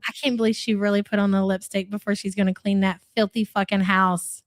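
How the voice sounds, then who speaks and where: A woman's voice: medium pitch, level tone, fairly quick, no room sound. A woman from Kentucky with a Louisville accent, hosting a live reaction stream and reading out chat messages in a blunt, chatty way. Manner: chatty, blunt, swears casually.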